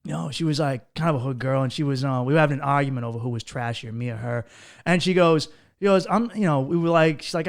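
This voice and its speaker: A man, a comedian guest on a podcast, telling quick comic anecdotes and acting out the dialogue. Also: medium pitch, vocal fry. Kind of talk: casual chat, comic storytelling.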